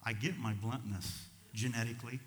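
An older man preaching a sermon, telling personal stories in a folksy, impulsive way that swings from soft to loud. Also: medium pitch, fairly even intonation, normal speed, in a large hall. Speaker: pastor.

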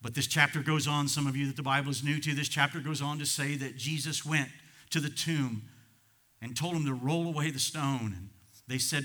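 Delivering a sermon at a church service, this pastor talks to his congregation in a conversational way, chuckling at times and rising to passionate emphasis. He has a fairly high voice with a steady, sharp tone and a fairly quick delivery.

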